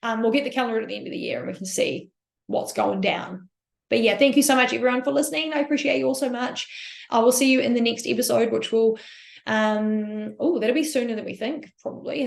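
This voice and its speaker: A woman's voice: fairly high pitch, quick pace, creaky. A young woman with a New Zealand accent, hosting a casual solo podcast in a chatty, upbeat, rambling way. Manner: chatty, upbeat, rambling with many likes and ums. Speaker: podcast host. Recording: echoey room.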